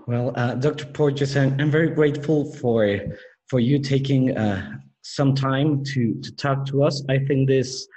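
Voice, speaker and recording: A man's voice: medium pitch, fairly even intonation, measured pace, warm tone, low-quality recording. Hesitant Mexican Spanish-accented male host. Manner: hesitant, many fillers and restarts, polite. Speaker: interview host. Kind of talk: interview conversation.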